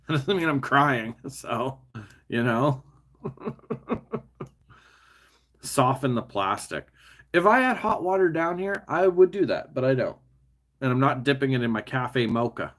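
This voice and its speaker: A man with an unhurried, drawn-out way of talking, rambling in casual chat as he builds. He mutters and jokes at the pieces he works with, laughing at himself, in a mid-range voice that sits at an average pitch. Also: fairly bright tone. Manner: chatty, self-mocking, often laughing to himself; mutters and talks to the pieces while fiddling. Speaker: vlogger building a toy brick set.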